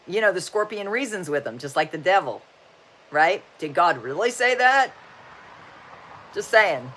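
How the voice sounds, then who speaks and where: With a fairly low, sing-song voice that's a bit bright, she talks unhurriedly and pauses often. In her sixties, she hosts a casual livestream, folksy and upbeat, full of corny jokes and repeated "just saying"s.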